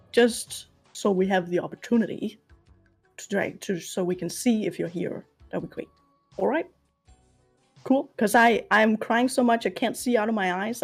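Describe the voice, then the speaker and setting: A young woman hosting a comedic mock funeral on a stream, making dry, playful, rambling asides. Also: medium pitch.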